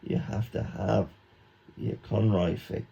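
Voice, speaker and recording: A man, a YouTuber, giving a mock hypnosis monologue with slow, repetitive, coaxing instructions. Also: on the low side, fairly even intonation, vocal fry, warm tone. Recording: dull lo-fi recording.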